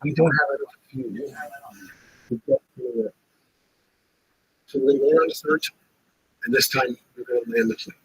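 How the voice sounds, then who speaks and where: A man in casual chat, retelling a story in an animated way, swearing freely and acting out what others said. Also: on the high side, a little hiss or hum, rough recording. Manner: animated, swearing, acts out quotes. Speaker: livestream host.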